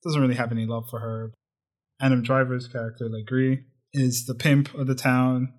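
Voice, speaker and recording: A man's voice: medium pitch, level tone, normal speed. A man co-hosting a casual movie review chat, telling the plot in a joking, wry way. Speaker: podcast co-host.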